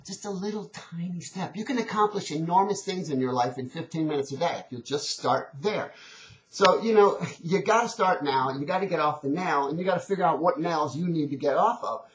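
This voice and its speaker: A man's voice: high voice, a bit bright. A man giving an earnest, conversational motivational talk, telling a story and urging change. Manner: earnest and conversational, many restarts. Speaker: motivational speaker. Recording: dull, echoey old recording.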